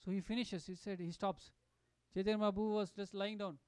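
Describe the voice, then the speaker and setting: A man giving a devotional storytelling talk at a satsang, animated and full of fillers and restarts. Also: high-pitched, fast, clear, resonant tone, no echo. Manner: animated, acts out quotes, many fillers and restarts. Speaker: satsang speaker.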